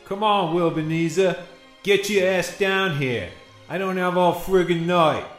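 Brief: man impersonating a loud-mouthed tycoon ghost, taunting, slightly high, echoey room. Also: unhurried, soft background music. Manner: brash, taunting, calls everyone loser. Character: boastful insulting tycoon playing a ghost. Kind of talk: radio comedy sketch.

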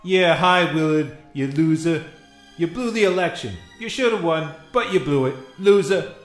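A man's voice: fairly high pitch, lively intonation, normal speed, reverberant, faint music behind, close to an everyday voice. A man voicing a boastful, insulting tycoon cast as a ghost, brash and mocking. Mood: taunting. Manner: brash, taunting, calls everyone loser. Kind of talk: radio comedy sketch.

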